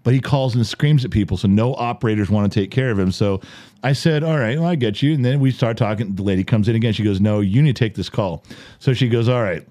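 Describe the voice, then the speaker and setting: A man's voice: fairly low pitch, fast, mellow. A man in his fifties hosting a podcast, telling stories in casual chat, swearing and laughing often. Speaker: podcast host.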